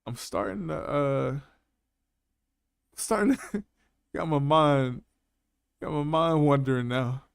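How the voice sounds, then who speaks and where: A man's voice: fairly high pitch, slow, gravelly, long pauses, clean tone, no echo, studio quality. A man hosting a casual live panel chat, laughing often and talking in loose, slangy banter. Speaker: panel host.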